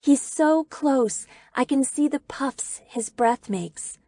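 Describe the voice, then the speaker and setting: Slow, gravelly-voiced woman audiobook narrator. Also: high voice, mellow, no echo, clean studio sound. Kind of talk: first-person audiobook narration.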